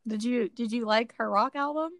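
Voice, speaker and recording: A young woman co-hosting a podcast, chatting casually, excitable and giggly, swearing a lot. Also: a little high, normal speed, no echo. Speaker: podcast co-host. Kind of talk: casual chat.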